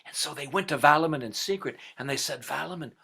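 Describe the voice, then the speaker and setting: A middle-aged man telling a folktale aloud, expressive and swinging from whispers to loud passages. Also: on the high side, fast, breathy edge. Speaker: storyteller.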